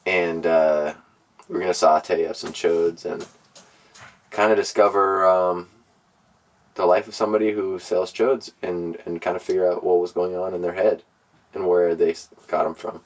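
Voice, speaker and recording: A man with a very low voice rambles mock-earnestly as co-host of a comedy podcast. He keeps the talk casual and a little meandering. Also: flat delivery, moderate pace.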